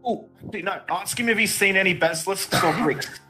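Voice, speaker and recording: A man's voice: high voice, moderate pace, pushed and bright, soft background music. A man playing a tabletop game who talks in a matter-of-fact way. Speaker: player.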